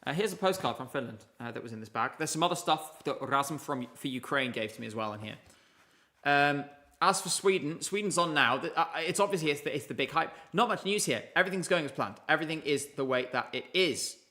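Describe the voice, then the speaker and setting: A man's voice: on the high side, animated, brisk, sharp tone. A man hosting a casual live stream, chatty and rambling, chatting with viewers from his desk. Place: home room at a desk with laptops.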